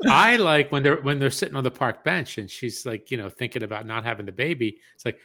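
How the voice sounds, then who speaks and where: Man, mid pitch, bright sharp tone, casual TV chat, wry jokes. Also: brisk, few pauses. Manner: wry, joking asides. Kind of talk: casual chat reviewing a TV series.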